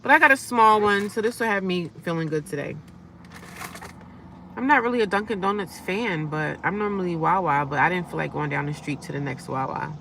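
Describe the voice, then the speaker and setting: Chatty gravelly-voiced woman in her car. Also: on the low side, a little fast, distant mic, noisy background. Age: middle-aged. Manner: chatty, upbeat, self-encouraging, sassy asides. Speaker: vlogger living in her car. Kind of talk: casual live-stream chat. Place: inside her parked car. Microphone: phone.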